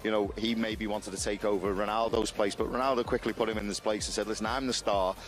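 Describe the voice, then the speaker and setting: Deep-ish guy talking football, loose chatty style, bit of music in the back. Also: flat delivery, fast. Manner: chatty, fillers like "you know". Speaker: football pundit. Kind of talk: casual punditry.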